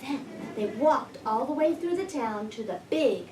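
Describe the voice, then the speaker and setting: A woman teacher doing an expressive read-aloud, stopping often to ask her class questions. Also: high-pitched, measured pace, noisy background. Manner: expressive storytelling, prompting children. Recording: echoey room, voice from far off.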